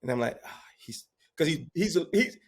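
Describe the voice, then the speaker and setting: A man in his fifties telling a family story in casual talk, animated and loud when he quotes himself. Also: a little high, moderate pace. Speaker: podcast guest.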